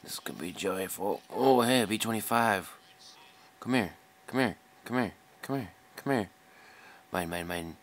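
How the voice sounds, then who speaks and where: A man's voice: on the low side, normal speed, a little hiss or hum. A young man giving casual, frustrated commentary over a flight combat game, muttering and swearing at enemies. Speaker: gameplay commentator. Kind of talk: live gameplay commentary.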